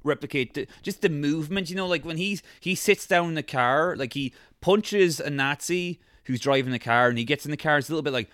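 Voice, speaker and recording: A man's voice: fairly high pitch, fairly quick, hardly any pauses, fairly bright tone, dry recording, studio quality. A man co-hosting a podcast, reviewing a film in a casual chat with a rambling, jokey delivery full of fillers. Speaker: podcast co-host.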